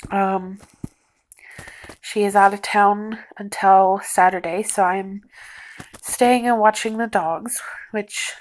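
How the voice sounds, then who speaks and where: A young woman talking softly and haltingly in a personal vlog at home, close to tears. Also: medium pitch, fairly even intonation, low-quality recording. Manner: soft, halting, on the verge of tears. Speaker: vlogger. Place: a house, indoors.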